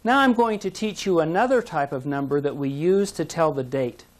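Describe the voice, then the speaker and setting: A woman teaching English pronunciation, modeling words slowly and patiently with encouraging praise. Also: sits low, lively intonation. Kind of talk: slow, clear pronunciation lesson. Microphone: studio mic, language course tape.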